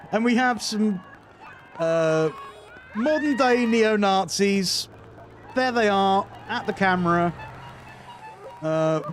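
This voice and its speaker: A man's voice: high voice, slight background noise. A British man hosting a reaction video, giving casual commentary with wry, sarcastic asides. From Britain.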